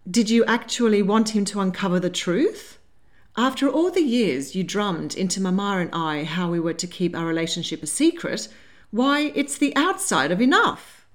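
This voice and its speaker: A spirited young Regency lady, agitated and exasperated, pressing every point with urgency. A woman plays her in an audiobook. Her voice lifts high and swings widely. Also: lively intonation, normal speed, lightly acted. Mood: urgent.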